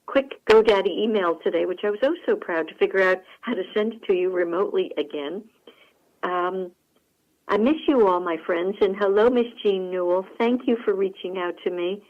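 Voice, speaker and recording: Chatty folksy woman radio host, lo-fi. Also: medium pitch. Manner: folksy, animated storytelling with frequent laughs. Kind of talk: chatty monologue to listeners.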